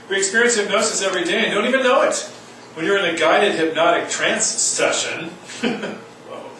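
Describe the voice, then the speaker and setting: A man's voice: on the high side, bright, forceful tone, a little hiss or hum. A man giving a college lecture, reading aloud and adding wry comments. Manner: reads aloud and comments wryly. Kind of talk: classroom lecture. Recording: echoey room from far off.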